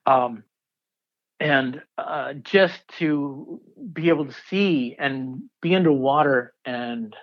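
Slow and medium in pitch, a fifty-something diver tells an interview story with excitable rambling, frequent fillers, and restarts. High frequencies are cut off in the recording.

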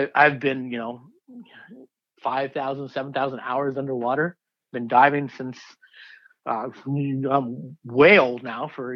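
The speaker, a diver in his fifties, gets excited and rambles while telling an interview story, full of fillers and false starts. His voice sits in the mid range, and the recording is muffled.

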